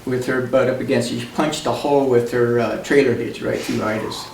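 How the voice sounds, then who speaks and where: A man's voice: medium pitch, fairly even intonation, fairly quick, vocal fry, darkish tone. A man speaking at a memorial, telling rambling folksy stories and laughing often. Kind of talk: anecdotal storytelling at a memorial. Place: memorial service room. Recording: distant mic in an echoey hall with noise.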